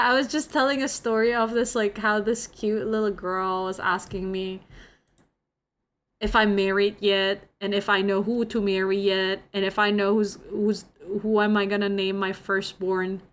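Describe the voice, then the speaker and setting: A woman's voice: mid-range voice, a bit bright. A young woman from Indonesia, chatting casually on a livestream and greeting viewers by name. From Jakarta, Indonesia. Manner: bubbly, greets chat by name. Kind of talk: casual stream chat.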